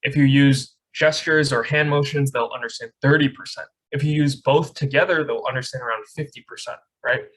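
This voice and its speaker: A man's voice: medium pitch, steady tone, brisk, hardly any pauses, a bit bright, poor audio. Young man teaching speech on a video call. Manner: conversational, often ends points with "right?". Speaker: speech camp instructor. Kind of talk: online lecture. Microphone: webcam on a video call.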